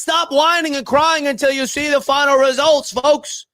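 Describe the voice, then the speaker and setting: A man hosting a live fan watch party, calling the plays and shouting with excitement over big moments. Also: very high-pitched, moderate pace, few pauses, dry recording, studio quality. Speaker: fan channel host. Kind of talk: live play-by-play fan reaction.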